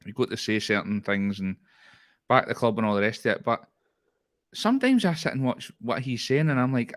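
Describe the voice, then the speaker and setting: A Scottish man chats about football on a fan podcast, rambling and laughing as he goes, with frequent false starts. His voice sits at an ordinary middle pitch and stays conversational throughout. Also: brisk. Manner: animated, laughing, rambling with restarts. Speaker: podcast co-host. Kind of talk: casual football chat.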